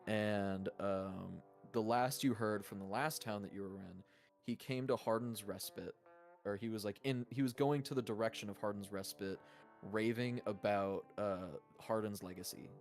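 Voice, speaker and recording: A man's voice: fairly low pitch, fairly even intonation, normal speed, a little mellow, soft background music. A young man narrating as game master, rambling loosely with lots of fillers and swearing.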